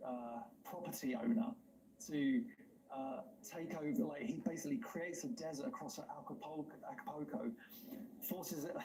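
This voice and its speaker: This livestream host is a man with a slightly high voice, heard on a rough recording. He chats casually, talking enthusiastically, rambling, and laughing often.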